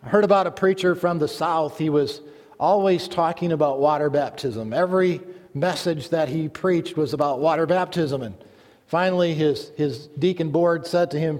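A pastor delivering a sermon, reading scripture aloud and telling a folksy joke in an earnest manner. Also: male voice, on the high side, moderate pace, a little mellow. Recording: long hall reverb.

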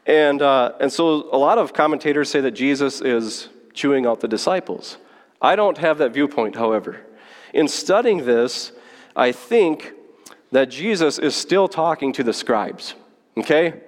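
A pastor preaching a sermon, teaching through a Bible passage in a conversational way and checking in with the listeners. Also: male voice, medium pitch, lively intonation, a little slow. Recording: long hall reverb.

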